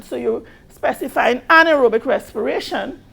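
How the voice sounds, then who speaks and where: A woman with a Caribbean accent teaches a biology exam review. Her voice sits high and carries a gravelly edge. She rereads each question slowly and presses on the key words. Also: lively intonation, a bit bright. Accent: Caribbean English. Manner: patient, repeats questions slowly with emphasis.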